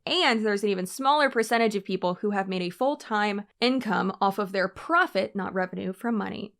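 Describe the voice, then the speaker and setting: A woman's voice: mid-range voice, creaky, fairly bright tone. A young woman reading and mocking comments in a casual vlog, with a dry, sarcastic delivery.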